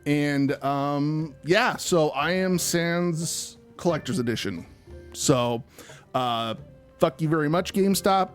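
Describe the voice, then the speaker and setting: Podcast guy venting hard, lots of swearing, kinda high voice, faint music behind. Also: slow pace. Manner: heated profane ranting storyteller. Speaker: podcast co-host. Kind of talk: casual chat.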